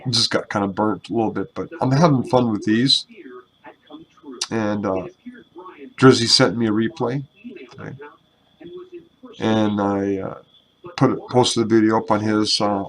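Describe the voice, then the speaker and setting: A young man with a slightly low voice talks casually over his gameplay into a headset mic. He rambles along, pokes fun at himself and swears without a second thought. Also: rough recording. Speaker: gaming YouTuber and clan member.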